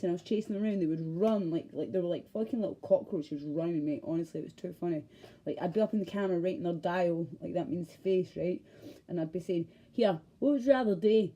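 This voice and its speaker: Glaswegian woman vlogger with a mellow, husky voice; passionate, sweary rambling rant. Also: medium pitch, poor audio. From Scotland. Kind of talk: ranting monologue.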